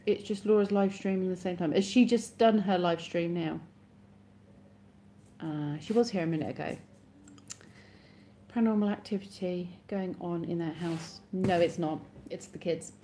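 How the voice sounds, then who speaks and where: Chatty woman, mellow voice. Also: fairly low pitch, fairly even intonation, moderate pace, long pauses, a little hiss or hum. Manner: chatty, reads out and answers viewers' comments. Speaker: live streamer. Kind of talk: casual live-stream chat with viewers.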